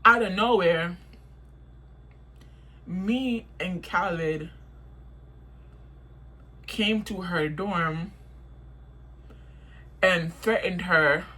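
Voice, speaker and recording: A woman's voice: on the low side, drawn-out words, long pauses, pushed and bright. A young woman telling a storytime vlog, heated and profane, repeating herself as she vents. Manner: heated, profane, repetitive venting.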